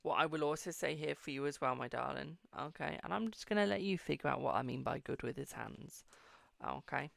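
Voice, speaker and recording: A man's voice: a little high, fairly quick, vocal fry, fairly bright tone, no echo, clean studio sound. A British man hosting a live-stream tarot reading, chatty and affectionate, calling viewers darling and boo.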